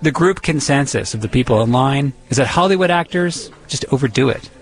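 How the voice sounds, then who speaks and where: A man's voice: mid-range voice, expressive, brisk. A man from the Boston area narrating a radio feature and interviewing people, curious and conversational. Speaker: reporter and narrator.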